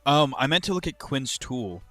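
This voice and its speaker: A young man live-streaming crypto trades, chatting casually to his viewers and ranting about his moves with swearing and sudden loud outbursts. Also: mid-range voice, lively intonation, normal speed, no echo, faint music behind. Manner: frustrated, swearing, rambling, bursts of loud outrage.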